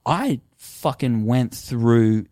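A man talking as a podcast guest, telling a personal story in a lively, casual way, swearing often and acting out his own past thoughts. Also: medium pitch, very slow, no echo, clean studio sound.

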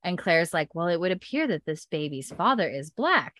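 A woman's voice: lowish voice, big pitch swings, normal speed, fairly bright tone. A woman chatting casually as she recaps a TV episode, animating the characters' lines and swearing freely. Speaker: show recapper.

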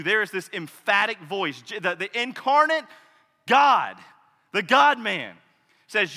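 A man preaching a sermon with passion, swinging between loud declarations and hushed, intense asides. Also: high voice, animated, normal speed. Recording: long hall reverb.

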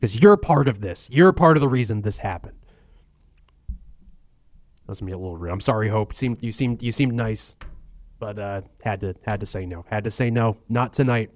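A man's voice: on the low side, expressive, normal speed, no echo. A man hosting a comedy call-in radio show who stammers, grumbles and talks openly angry.

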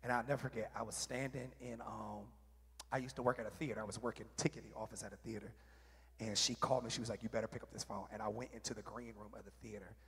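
A man sharing a candid, emotional personal testimony at church, with halting restarts. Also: fairly low pitch, steady tone, a bit bright, slightly rough. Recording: reverberant hall.

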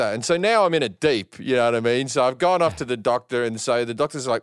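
A middle-aged man with an Australian accent, a podcast guest telling funny stories in an animated way, swearing freely. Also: medium pitch, quick pace, hardly any pauses, smooth, no echo, clean studio sound. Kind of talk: casual storytelling.

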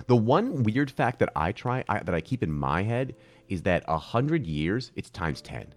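A man's voice: fairly low pitch, big pitch swings, moderate pace. A man co-hosting a casual chat podcast, joking and ranting with mock outrage and rambling asides. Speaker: podcast co-host.

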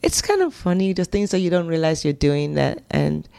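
A middle-aged woman with a Nigerian accent tells stories as an interview guest in a conversational way, animated, scatting and acting out quotes. Her voice is on the low side, gravelly yet clear and resonant, at a moderate pace.

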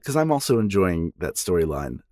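Male host, low voice with lively swings in pitch, reflective and questioning. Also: fairly quick, dry recording, clean studio sound. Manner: thoughtful, musing aloud, asks questions. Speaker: podcast host. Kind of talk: casual chat.

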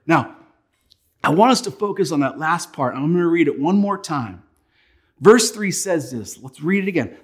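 A male pastor preaching a sermon, telling a personal story in an animated way, often repeating words as he goes. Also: fairly high pitch, normal speed, slightly rough.

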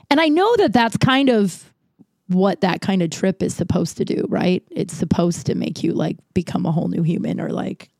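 A woman hosting a podcast in casual solo chat, rambling and swearing freely, her voice slightly hoarse and congested, talking from a corner of her apartment. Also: medium pitch, a little mellow, dry recording, studio quality. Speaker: podcast host.

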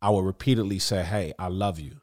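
A man in his thirties, a former radio host, telling stories in a casual chat, animated, with many fillers and restarts. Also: deep voice, a little fast.

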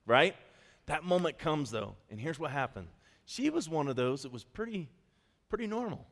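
A man preaching a sermon as pastor, telling a story in a lively, conversational way with quick asides. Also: fairly high pitch, long reverb tail. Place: church hall.

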